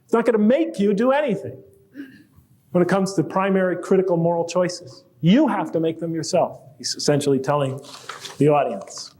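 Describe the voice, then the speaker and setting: A man's voice: high voice, animated, moderate pace, a little mellow. A man giving a conversational public lecture to a live audience, asking rhetorical questions and reading quoted verses aloud.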